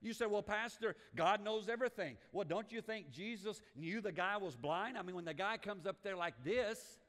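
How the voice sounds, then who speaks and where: A male pastor preaching to his congregation, often restarting phrases and acting out the voices in his stories. His voice sits a little on the high side. A long reverb from the hall trails after his words. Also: lively intonation, normal speed, fairly bright tone. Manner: preaching with acted-out quotes, repeated restarts. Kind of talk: sermon.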